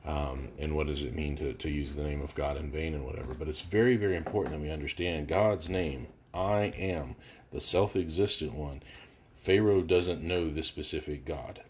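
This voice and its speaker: A man's voice: rumbling low, normal speed, slight background noise. A man leading a live verse-by-verse Bible study, talking casually with many fillers and restarts. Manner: casual, thinking aloud with frequent fillers and restarts.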